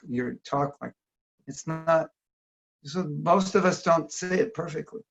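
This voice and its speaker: Over a video call, a man leads a casual workshop, his voice a little high and fairly even in intonation, slow and touched with vocal fry. As the teacher, he keeps it conversational and asks his listeners questions along the way. The online audio is dull and lo-fi.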